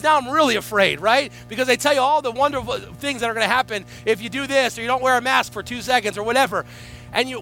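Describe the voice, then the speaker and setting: Fervent high-voiced male preacher. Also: bright, forceful tone, low-quality recording. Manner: fervent preaching with rising call-outs. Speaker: guest pastor. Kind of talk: sermon.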